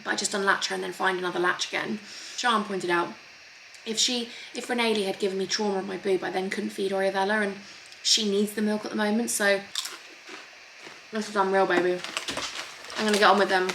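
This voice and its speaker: A woman's voice: mid-range voice, fairly even intonation, a little fast, creaky, background noise. A young mother chatting casually and openly, emotional and confessional as she talks. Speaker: vlogger. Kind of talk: casual chat.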